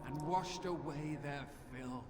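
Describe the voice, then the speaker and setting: A zealous ghost of an army commander in a game, proud and declamatory, a little high for a man. His voice rolls into a long reverb. A clear ambient hum sits beneath. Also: slow pace. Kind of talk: game voice acting.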